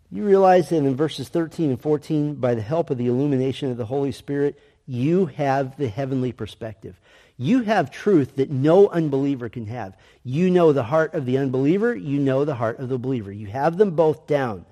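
A man teaching an adult Sunday school lesson, asking earnest, emphatic questions and reading scripture aloud slowly. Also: medium pitch, expressive, warm tone, in a large hall. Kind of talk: Bible lesson.

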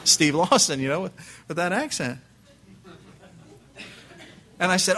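Bright-voiced storytelling male pastor. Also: high-pitched, measured pace, pauses often. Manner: animated anecdote with acted quotes, frequent restarts and laughs. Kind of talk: preaching storytelling.

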